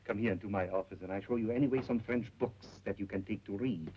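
An actor playing an ingratiating male shop owner who talks in a coaxing, flattering way, in 1930s film acting. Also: on the low side, fast, slight background noise, natural voice, rough recording. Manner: coaxing, flattering, sing-song.

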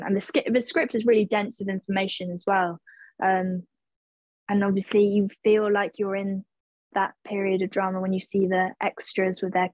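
A woman's voice: medium pitch, darkish tone, no echo, lo-fi sound. A woman in her twenties, an actress answering interview questions casually, hesitant, with many fillers and restarts as she searches for words. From England. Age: 20s.

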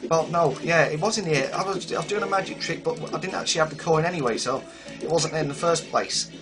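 A man hosting a casual game commentary, rambling and self-mocking with sudden exclamations, his voice a little hoarse. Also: on the high side, fast talker. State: slightly hoarse voice. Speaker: gaming video host. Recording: game music behind voice.

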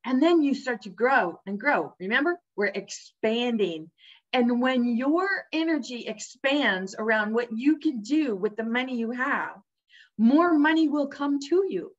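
A woman's voice: on the high side, animated, unhurried. A woman speaking directly to the viewer in a motivational talk, upbeat and emphatic, coaching the listener along. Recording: dull lo-fi sound.

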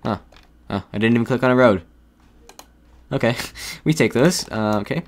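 A man's voice: mid-range voice, normal speed. Male gaming creator, mid-range voice, hesitant think-aloud commentary. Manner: muses aloud, hesitant, frequent restarts.

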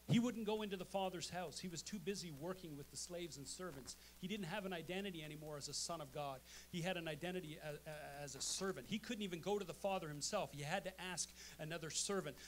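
Pastor guy preaching in church, kinda high voice, punchy, keeps asking amen. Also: slight background noise. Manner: emphatic, calls out "amen?" to the congregation. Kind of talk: sermon. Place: church sanctuary.

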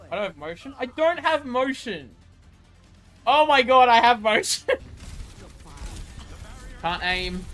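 A young man streaming a game, excitable and laughing often, swearing freely as he plays. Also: very high voice. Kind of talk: live gameplay commentary.

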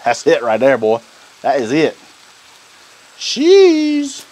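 A man's voice: mid-range voice, normal speed, darkish tone, a little hiss or hum. A man hosting a casual cooking vlog, folksy and enthusiastic. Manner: folksy and enthusiastic, Southern phrasing. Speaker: cooking channel host. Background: griddle sizzling.

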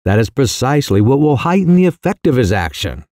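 A man voicing a sly young mischief-maker who delivers outrageous news in a calm, careless, mock-serious way. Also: mid-range voice, a little fast, dry recording, clean studio sound, close to an everyday voice. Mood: cool, mock-grave.

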